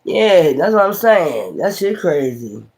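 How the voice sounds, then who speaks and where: Man, tarot reader, high-pitched, swears freely, exclaims and rambles. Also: sing-song, takes it slowly, darkish tone. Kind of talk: casual tarot reading.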